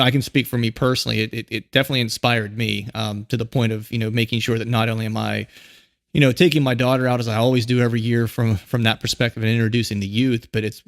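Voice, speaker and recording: Fast-talking man with a gravelly voice. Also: fairly low pitch, dry recording, studio quality. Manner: rambling, many fillers and restarts. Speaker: podcast host. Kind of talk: casual interview chat.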